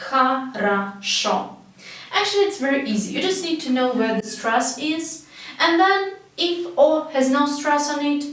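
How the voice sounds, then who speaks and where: A Russian-accented woman who speaks Russian natively, teaching a spoken language lesson slowly and carefully and repeating words for learners. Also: fairly high pitch, a bit bright, heavy reverb, recorded from a distance, low-quality recording.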